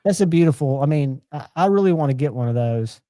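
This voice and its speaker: A man's voice: on the high side, animated, fast talker, dark tone, no echo. A man, chatting casually and enthusiastically as host of a live knife show.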